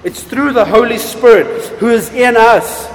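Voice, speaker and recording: A pastor preaching a sermon with emphatic delivery, swinging between loud stresses and quiet, drawn-out words. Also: male voice, very high-pitched. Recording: echoey hall with long reverb.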